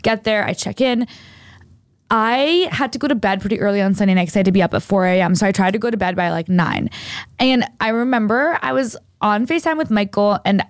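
A young woman talks fairly quickly at a medium pitch, spinning a long, rambling podcast story in an animated, casual way. She uses "like" constantly, and the clean studio audio has no room sound.

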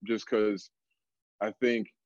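A young adult man, a strength coach, telling stories in a relaxed casual way, full of fillers. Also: on the low side, slow, no room sound, muffled recording. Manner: relaxed storytelling, many fillers like "like". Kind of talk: casual podcast conversation.

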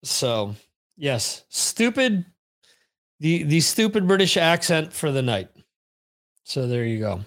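This podcast host, a man with a slightly high, fairly bright voice and lively intonation, speaks slowly and pauses often. He chats casually, reads comments from viewers, jokes, rambles, and keeps correcting himself.

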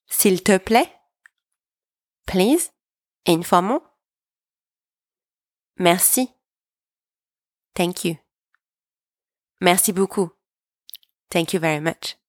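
A woman teaching a language lesson, speaking patiently and deliberately and pausing so learners can repeat each phrase. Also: fairly low pitch, animated, no room sound, studio quality. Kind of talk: slow, clear language lesson with repeat-after-me drills.

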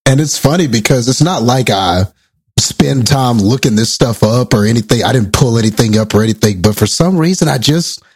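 A man's voice: mid-range voice, expressive, normal speed, breathy edge, dry recording, studio quality. A man in his thirties chatting casually and breaking into playful snatches of song. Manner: playful, sings snatches of old TV theme songs. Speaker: podcast co-host. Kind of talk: casual chat.

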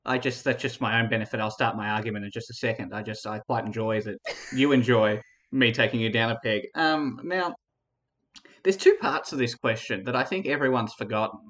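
A man's voice: medium pitch, brisk, fairly bright tone. A man giving a teasing, theatrical comedic debate speech.

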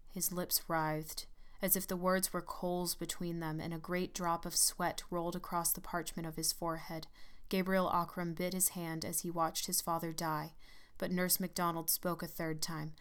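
A woman narrator reads a story in a measured way. Her voice is smooth and clear, sitting a little low. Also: little pitch movement, fairly bright tone. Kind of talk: scripted narration.

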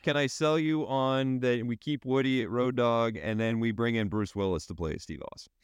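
A man's voice: mid-range voice, normal speed, clean tone, no room sound, clean studio sound. A man co-hosting a podcast in easygoing casual chat, agreeable and trailing off at times. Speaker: podcast co-host.

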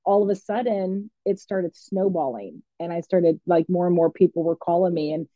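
A woman counselor in her thirties telling her story in a candid, lively, casual way, often acting out what others said. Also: on the low side, normal speed, no room sound. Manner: lively, candid, acts out quoted voices. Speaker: licensed mental health counselor. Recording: dry, slightly dull sound.

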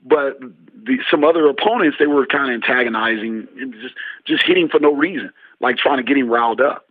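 A basketball coach in an interview, telling stories and acting out what people said. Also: male voice, mid-range voice, brisk, dry recording. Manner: animated storyteller, acts out dialogue. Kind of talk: interview storytelling. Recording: husky, tinny phone-like line.

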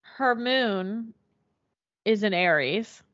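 A woman co-hosting a podcast, chatting in a relaxed way with short agreeing replies. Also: mid-range voice, extremely slow. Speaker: podcast co-host. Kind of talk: casual chat. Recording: dull lo-fi audio.

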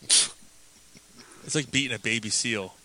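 A man's voice: medium pitch, rough recording. A man co-hosting a podcast, trading crude, profane jokes and sports rants in casual banter. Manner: loud, profane, tells raunchy jokes. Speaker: podcast co-host.

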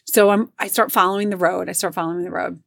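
A woman's voice: fairly low pitch, steady tone, quick pace, vocal fry, dry recording, clean studio sound. A middle-aged woman telling a personal story in a casual, chatty way, full of fillers and acted-out quotes. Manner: chatty, filler-heavy, acts out quotes in raised voices.

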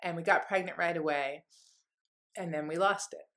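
Heartfelt and earnest, a woman guest rambles through a candid personal story in an interview, peppering it with "like." She speaks at a moderate pace in a fairly low, slightly bright voice.

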